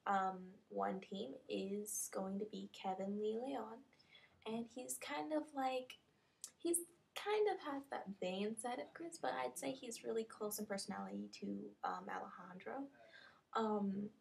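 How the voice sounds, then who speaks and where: A young woman with a mid-range voice and vocal fry chats her way through a fan series audition call, going character by character. Her description is casual and peppered with lots of ums.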